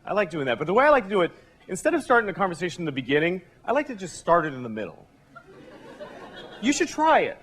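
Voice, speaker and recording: Deadpan man doing stand-up, lively pitch. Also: quick pace. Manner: deadpan, conversational. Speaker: stand-up comedian. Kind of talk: stand-up routine. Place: television studio stage. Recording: live studio audience laughing. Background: audience laughter and room noise.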